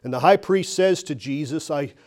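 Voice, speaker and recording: A man's voice: mid-range voice, normal speed, warm tone. A man preaching a sermon as pastor, telling the story with emphatic, rising and falling delivery. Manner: emphatic storytelling, voice rises and falls.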